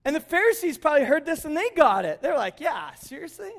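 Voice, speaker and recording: A pastor with a very high-pitched voice preaches quickly, acting out the characters he quotes. He's animated throughout and trades jokes with his congregation.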